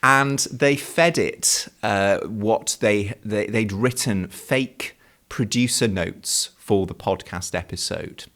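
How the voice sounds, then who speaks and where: A man's voice: lowish voice, slow pace, few pauses, a bit bright. A man co-hosting a teaching podcast, telling stories in a chatty way and laughing often. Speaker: podcast co-host. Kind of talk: casual chat.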